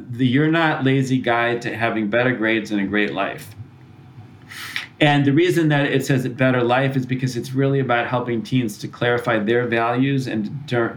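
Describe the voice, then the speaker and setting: Thoughtful man explaining parenting. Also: mid-range voice. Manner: thoughtful, restarts and self-corrects, acts out parent-child dialogue. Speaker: psychologist and author, podcast guest. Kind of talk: conversational explanation.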